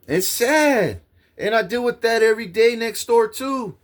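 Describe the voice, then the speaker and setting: A vlogger with a very high, animated voice speaks at an unhurried pace. He rants to his viewers in an agitated, profane monologue, rambling back over the same points and repeatedly saying "bro."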